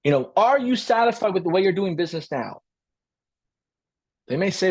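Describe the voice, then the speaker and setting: This man's voice sits high and has a sing-song lilt, a little mellow and husky. He runs an energetic live training webinar, restating his points, frequently asking "right?", and briefly acting out exchanges with clients.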